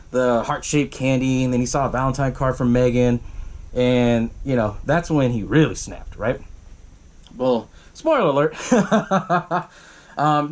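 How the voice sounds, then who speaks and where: A man hosting a podcast, casually recapping a horror movie plot in a rambling, profane way, full of "you know" and little chuckles. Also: mid-range voice. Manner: chuckles while telling it. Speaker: podcast host.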